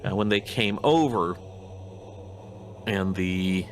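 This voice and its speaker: A man's voice: low-pitched, slow, a little hiss or hum. A man with a Midwestern American accent, chatting as a guest on a casual podcast in a rambling, hesitant way. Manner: rambling, hesitant, with many restarts. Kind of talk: casual chat.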